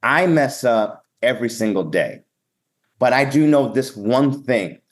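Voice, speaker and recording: A man's voice: mid-range voice, lively intonation, unhurried. A man with a Boston accent, an event emcee speaking energetically and sometimes bluntly in a casual podcast interview.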